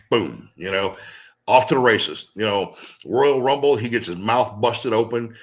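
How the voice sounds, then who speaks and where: A man's voice: lowish voice, measured pace, slight background noise. A man, a former pro wrestler, telling stories as an interview guest in a rambling, casual way with lots of fillers. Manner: animated, rambling storyteller with many fillers.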